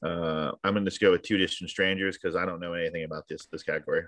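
Deep-voiced offhand man. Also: steady tone, quick pace, fairly bright tone, no room sound. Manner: offhand, self-deprecating. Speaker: podcast co-host. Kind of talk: casual chat.

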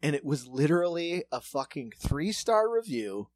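A man's voice: on the high side, very animated, moderate pace, darkish tone, dry recording. Profane, ranting male storyteller; dry, close sound. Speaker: restaurant server and bartender. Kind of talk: casual podcast chat.

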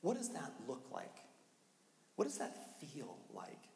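A man's voice: mid-range voice, wildly swooping pitch, takes it slowly, darkish tone. A middle-aged man preaching a sermon in a casual, conversational way, acting out his own frantic moments as a parent. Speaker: pastor. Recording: echoey hall, long reverb.

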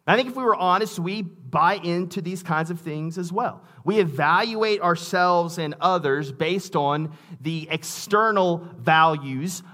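A male pastor delivering a sermon in a relaxed, conversational tone, often circling back on his own words. His voice sits a little higher than most men's. When he reads scripture aloud, he leans into it with emphasis. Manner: conversational preaching with frequent restarts and asides.

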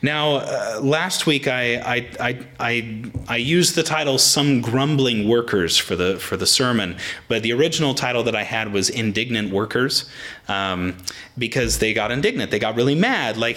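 A man's voice: mid-range voice, expressive, moderate pace, pushed and bright. A man preaching a conversational sermon in a plain, casual way, often restarting his sentences.

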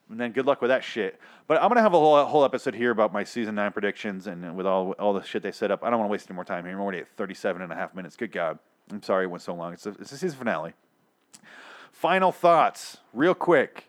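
Profane, sarcastic ranting man. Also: lowish voice. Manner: profane, sarcastic, animated rant. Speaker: podcast host. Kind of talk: ranting solo show review.

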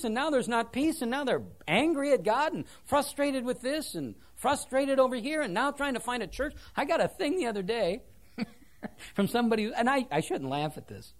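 Male pastor, church sermon, very lively pitch, self-deprecating storytelling. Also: normal speed.

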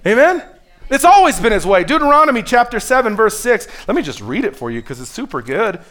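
A man preaching a sermon as pastor, earnest and direct, dropping to a hushed voice and then building to loud, emphatic peaks. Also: high voice, big pitch swings, quick pace. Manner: earnest, pushes the listeners directly.

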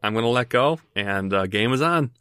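A man's voice: mid-range voice, expressive, moderate pace, sharp tone, smooth, dry recording, clean studio sound. A man voicing a playful young barmaid in a tabletop game, with a chirpy, teasing manner.

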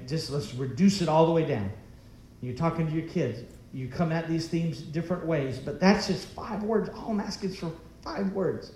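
A man's voice: fairly high pitch, darkish tone, reverberant, a little hiss or hum. A man preaching a sermon as pastor, emphatic and full of rhetorical questions.

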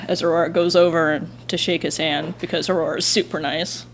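A woman playing a tabletop game, speaking slowly and cheerfully. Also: low-pitched, flat delivery, a little hiss or hum. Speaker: player.

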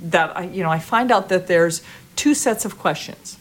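A woman guest in an interview, telling a story in a lively way, often laughing and restarting her sentences. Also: fairly low pitch, normal speed. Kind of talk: conversational storytelling.

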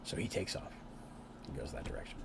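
A man's voice: fairly quick, very noisy. Chatty man recapping a tabletop campaign. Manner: rambling, chatty, with asides and restarts. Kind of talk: casual story recap.

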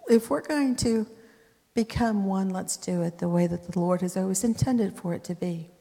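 A woman's voice: mid-range voice, normal speed, vocal fry, dark tone. A woman preacher voicing a desperate young princess pleading with her brother, in a reverberant hall. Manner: pleading, earnest.

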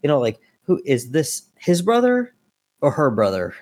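A man's voice: on the high side, wildly swooping pitch, normal speed, darkish tone, no echo. A man appearing as a podcast guest, chatting casually about comics in a loose way, with lots of fillers and some swearing.

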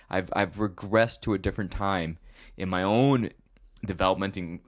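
A man hosting a podcast in casual chat, rambling and joking at his own expense with frequent restarts. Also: fairly low pitch. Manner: rambling, self-mocking, with restarts. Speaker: podcast host.

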